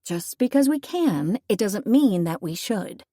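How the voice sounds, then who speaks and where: Young woman, audiobook narrator, first-person, wry, conversational, mid pitch, dry. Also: very animated, measured pace, warm tone, no room sound.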